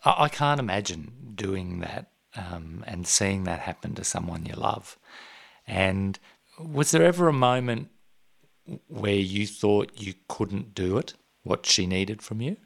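Male interviewer, lowish gravelly voice, gentle and brief. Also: lively intonation, unhurried. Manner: gentle, brief prompting questions. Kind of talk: interview questions.

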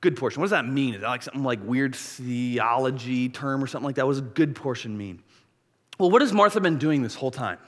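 A man's voice: medium pitch, fast, fairly bright tone. A man in his thirties preaching a sermon, acting out biblical characters in changing voices. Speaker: pastor. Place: church. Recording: long reverb of a church hall.

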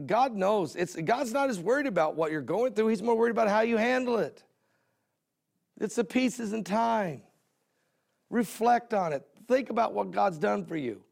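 A man's voice: high voice, lively intonation, normal speed, vocal fry, a little mellow. A middle-aged man hosting a Christian television broadcast, telling folksy stories in a sermon style and repeating phrases for emphasis.

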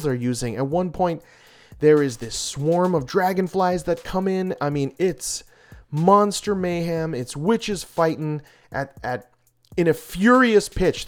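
Male comic reviewer, higher-pitched, animated and gushing, casual delivery with restarts.

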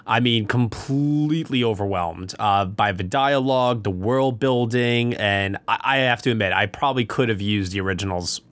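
A man's voice: on the low side, normal speed, few pauses, a bit bright, no room sound. A man hosting a podcast, chatting casually and gushing with enthusiasm about a film. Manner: enthusiastic, gushing, repeats himself. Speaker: podcast host. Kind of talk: casual film review chat.

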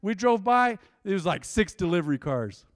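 At normal speed, an emotive male pastor with a high, bright voice delivers a lively sermon that alternates between loud bursts and hushed asides. His voice is close and dry, with a long hall reverb trailing it.

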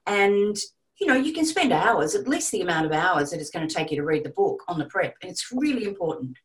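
A woman giving casual, animated advice on audiobook narration to a group. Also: on the low side, fairly quick, rough recording. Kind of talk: casual teaching talk to a group.

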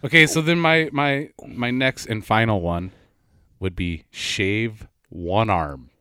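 A man co-hosting a podcast, animated and quick to laugh, often restarting his sentences. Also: fairly low pitch, smooth, no echo, clean studio sound. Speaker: podcast co-host. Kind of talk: casual chat.

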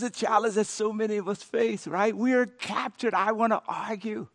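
Animated high-voiced preacher. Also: male voice, normal speed. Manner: storytelling, animated, with dramatic rises and hushed repeats. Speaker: pastor. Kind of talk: sermon. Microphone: podcast recording of a sermon.

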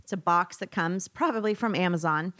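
A woman's voice: fairly low pitch, brisk, a bit bright, dry recording, studio quality. A woman appearing as a guest political commentator on a podcast, telling stories and laughing often. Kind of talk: casual storytelling chat.

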